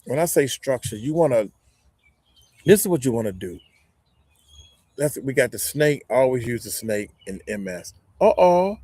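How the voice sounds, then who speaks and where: A man hosting a live stream talks in a folksy, animated way. He wanders into tangents and then comes back to his point. His voice sits at an average pitch and sounds dry and close. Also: slightly rough, no room sound. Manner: folksy, animated, rambling with digressions. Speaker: YouTube growth coach, live stream host. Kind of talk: casual live-stream advice talk.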